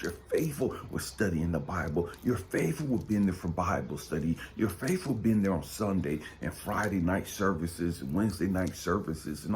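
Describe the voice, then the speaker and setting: A man with a low voice delivers a blunt, preachy motivational monologue as a spiritual coach. His pitch leaps all over, from hushed whispers to forceful, profane peaks. A faint background hum sits under his voice.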